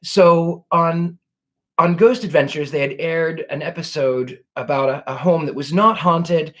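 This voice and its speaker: A man hosting a casual livestream Q&A as a psychic, talking in a gentle, effusive way. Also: a little high, measured pace. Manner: gentle and effusive, fond of 'lovely' and 'dear'. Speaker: psychic host. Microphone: home livestream setup.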